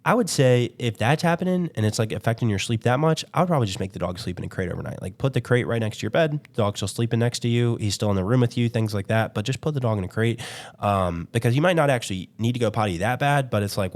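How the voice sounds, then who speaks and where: Fast-talking man giving casual dog advice. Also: lowish voice. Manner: rambling, filler-heavy, conversational. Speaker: dog trainer and podcast host.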